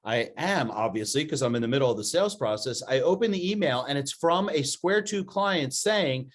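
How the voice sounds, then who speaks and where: A man co-hosting a business podcast with an upbeat, enthusiastic delivery. His voice sits at an ordinary middle pitch for a man. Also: animated, normal speed, few pauses. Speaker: podcast co-host.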